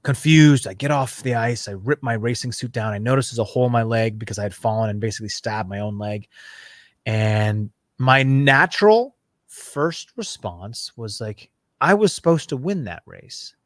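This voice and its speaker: A man's voice: on the low side, moderate pace, dry recording, clean studio sound. A man in his thirties, a podcast guest, telling a personal story in a reflective way that builds through repeated phrases.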